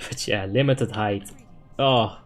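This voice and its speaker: A man streaming a game live, answering chat questions in a relaxed, talkative way and swearing now and then when a play goes wrong. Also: lowish voice, takes it slowly, soft background music. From Netherlands. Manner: relaxed, chatty, thinks out loud, swears when frustrated.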